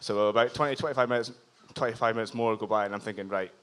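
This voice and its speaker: A man's voice: fairly low pitch, steady tone, rapid-fire, a bit bright, clear, resonant tone. A man from Scotland with a Scottish accent, telling a self-deprecating comic story on stage at a live show in a bar. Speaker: audience member telling a story. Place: live comedy bar venue.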